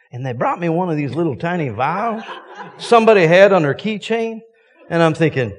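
A man's voice: fairly high pitch, expressive, fairly quick, big-room sound, a little hiss or hum. A man preaching a sermon as a visiting preacher, folksy and joking with emphatic points.

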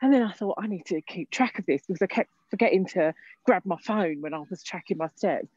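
A woman's voice: on the low side, fairly quick, darkish tone, slightly rough, dry recording. A woman guest talking casually on a walk outdoors, hesitant with many fillers. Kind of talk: casual interview. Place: outdoor park. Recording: dull lo-fi recording.

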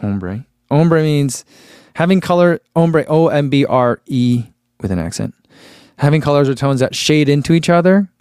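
A man's voice: a little high, moderate pace, darkish tone, clear, resonant tone, no echo, studio quality. A man reviewing running gear in a casual live chat, musing aloud with fillers and reading out viewer comments.

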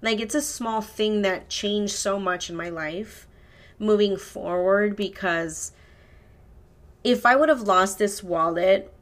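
A woman's voice: medium pitch, slow. A woman hosting her own podcast, telling a long story in a casual, rambling way, swearing and correcting herself as she goes. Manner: rambling, profane, self-correcting. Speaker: podcast host.

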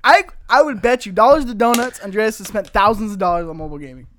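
A man co-hosting a casual podcast, loud and teasing, throwing in mock-announcer bits. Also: high-pitched, fast, crowd noise. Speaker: podcast co-host. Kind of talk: casual group chat.

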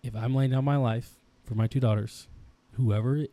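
In a dry recording, a man speaks at medium pitch with a steady tone, moderate pace and mellow quality. He's a thirty-something podcast co-host on a casual show, discussing his daughters intensely, rambling and frequently restarting.

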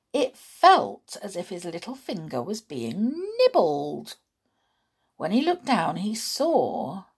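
A woman's voice: lowish voice, a little mellow, husky. A woman reading a children's book aloud, chatting in a friendly way between chapters. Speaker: audiobook reader.

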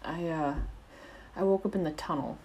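A woman's voice: sits low, moderate pace, a little mellow, a little hiss or hum. Woman reading a hesitant, tired schoolboy. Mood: sleepy. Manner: hesitant, mumbling. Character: tired, guarded teenage schoolboy.

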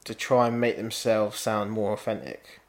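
A man's voice: lowish voice, flat delivery, normal speed. A man, a podcast co-host ranting casually and swearing. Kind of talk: casual chat.

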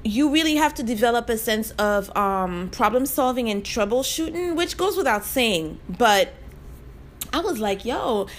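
A woman's voice: a little high, expressive, measured pace. A young woman hosting her own podcast, chatting in an upbeat, familiar way and calling the listener "sis". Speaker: podcast host. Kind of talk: casual solo podcast chat.

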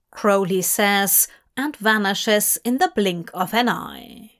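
A woman reading fanfiction aloud as an audiobook, in measured, gently expressive storytelling. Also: mid-range voice. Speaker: fanfiction reader.

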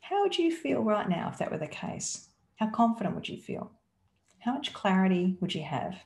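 A woman's voice: mid-range voice, big pitch swings, normal speed, vocal fry, a little mellow. A woman, teaching as a business coach in an emphatic, coaxing way and asking rhetorical questions. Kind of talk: teaching talk. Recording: roomy echo.

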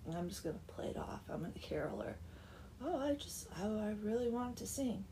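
A woman voicing a sneaky village man who schemes and flies into shrill rages in a retold folk tale. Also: sing-song, brisk, mellow, slight background noise, close to an everyday voice. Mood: scheming. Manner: shrill outrage when crossed.

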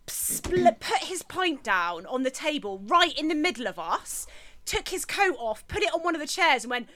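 A woman co-hosting a podcast, telling a story in casual chat with an animated, indignant manner. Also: sits high, moderate pace. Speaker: podcast co-host.

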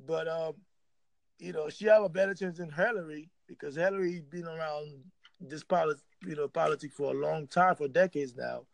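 A man's voice: on the high side, moderate pace, creaky, no echo, low-quality recording. A man in casual chat, ranting in a heated, emphatic and profane way.

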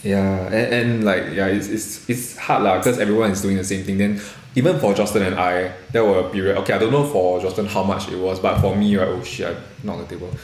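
A man's voice: low-pitched, steady tone, a little fast, few pauses. Singaporean young man, casual rambling chat. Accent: Singaporean English. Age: young adult. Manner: rambling, many fillers and restarts, blunt and swearing. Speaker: podcast co-host. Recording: echoey room.

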